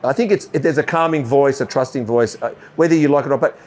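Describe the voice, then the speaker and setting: A man with an Australian accent hosting a casual podcast interview, chatty and quick to chime in with agreement. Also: medium pitch, darkish tone. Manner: chatty, frequent short "yeah" interjections. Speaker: podcast host.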